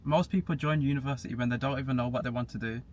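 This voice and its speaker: A man's voice: medium pitch, fairly even intonation, rapid-fire, a little mellow. A young man chatting casually as a podcast guest, matter-of-fact and laughing at himself now and then. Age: young adult. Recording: faint background hiss.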